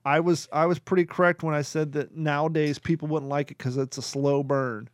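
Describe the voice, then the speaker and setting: A man's voice: on the high side, fairly even intonation, fairly quick, no echo. A man from Kentucky hosting a podcast, casually chatting and reading movie reviews aloud with a laugh now and then. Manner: chatty, laughs at his own jokes. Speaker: podcast host.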